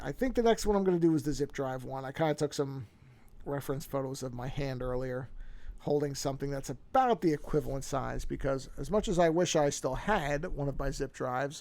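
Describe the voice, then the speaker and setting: A man's voice: mid-range voice, gravelly, a little mellow. A man chatting casually on a livestream from his home office desk, rambling and interrupting himself with restarts and repeated words. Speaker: streaming artist. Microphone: desk microphone.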